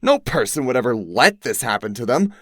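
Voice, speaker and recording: A man's voice: medium pitch, big pitch swings, fairly quick, no echo, studio quality, voice pushed up, natural voice. A man voicing a teenage girl who is distressed and indignant, in a solo-acted audiobook. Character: Rachel, upset teenage girl.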